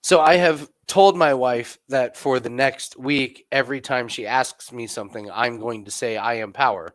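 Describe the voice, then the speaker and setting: A man hosting a live sports betting stream, chatting casually, joking, repeating catchphrases and breaking into loud laughter. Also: mid-range voice, normal speed. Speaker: sports betting show host.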